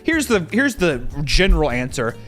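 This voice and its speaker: Animated, profane man ranting. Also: a little high, normal speed, faint music behind. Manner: profane, exasperated, mocking impressions. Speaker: commentator. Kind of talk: casual rant.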